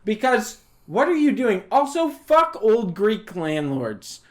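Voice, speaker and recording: A man's voice: high-pitched, big pitch swings, takes it slowly. A man co-hosting a podcast in casual chat, talking in crude, ranting bursts. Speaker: podcast co-host.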